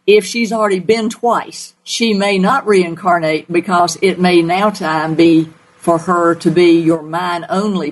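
A woman's voice: lowish voice, poor audio. A woman with a Southern accent hosting a call-in radio show as a pet psychic, folksy and emphatic.

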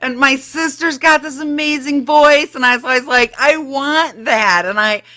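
A bright, sharp-toned woman co-hosts a relaxed interview chat over a video call. She sounds enthusiastic and keeps affirming what her guest says. Her voice sits fairly high. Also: normal speed. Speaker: co-host.

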